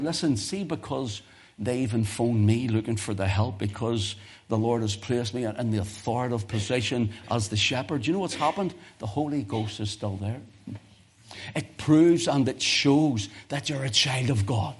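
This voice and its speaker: A man preaching a sermon as pastor, emphatic, swinging from loud exhortation to near whispers. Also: mid-range voice, moderate pace, breathy edge.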